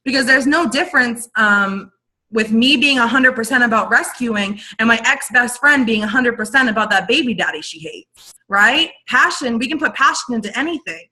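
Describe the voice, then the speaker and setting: A young woman giving an energetic, rambling coaching talk to her team on a video call. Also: a little high, moderate pace, rough recording. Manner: energetic, animated, rambling with restarts. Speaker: network marketing team leader.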